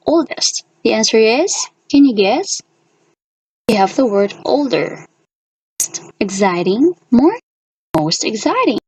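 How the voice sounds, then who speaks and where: Clear-spoken woman teaching grammar slowly. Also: a little high, a little mellow, dry recording, low-quality recording. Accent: Filipino. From Philippines. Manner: slow, deliberate, spelling out letters. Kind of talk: classroom grammar lesson.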